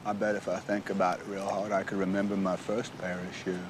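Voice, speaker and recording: An actor playing a simple, earnest grown man who tells his life story gently and plainly. He speaks slowly and in a plain way. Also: deep voice, flat delivery, noisy background, natural voice. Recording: film audio with loud music beneath.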